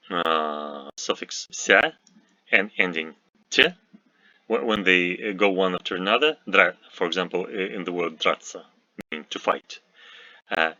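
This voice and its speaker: Slow, deep-voiced male language teacher. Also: bright, forceful tone, no echo, muffled recording. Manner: slow, careful, with frequent uh fillers and restarts. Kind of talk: recorded language lesson.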